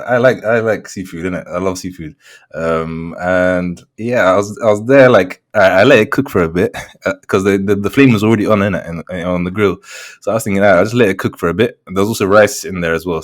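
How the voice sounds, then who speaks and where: A man's voice: low-pitched, brisk. A young man, co-hosting a podcast in casual chat, telling stories animatedly with frequent laughs and restarts. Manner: animated storyteller, laughs often, many restarts. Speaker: podcast co-host.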